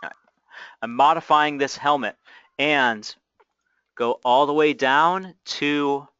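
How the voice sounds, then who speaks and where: A man hosting a casual software tutorial, chatty and reassuring, narrating each click as he goes. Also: a little high, slow pace, clear, resonant tone, no room sound, lo-fi sound. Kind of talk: casual screen-recorded tutorial.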